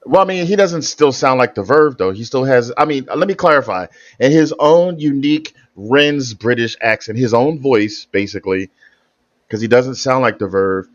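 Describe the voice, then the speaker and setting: A man's voice: medium pitch, animated, moderate pace, no echo, muffled recording. A man hosting a reaction video, explaining his view in hesitant, rambling sentences. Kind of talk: casual reaction commentary.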